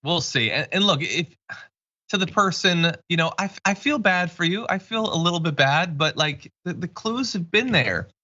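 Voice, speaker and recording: A man hosts a casual online news show, his voice bright and animated as he jokes wryly through the stories. His pitch sits a bit high for a man. The stream audio is somewhat dull and lo-fi. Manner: wry, joking, fast asides. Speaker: show host.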